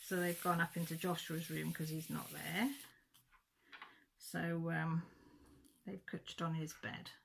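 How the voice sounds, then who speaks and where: Middle-aged woman, chatty storyteller, gravelly low voice with a bright edge. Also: little pitch movement, slow pace, long pauses. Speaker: craft vlogger. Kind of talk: casual chat.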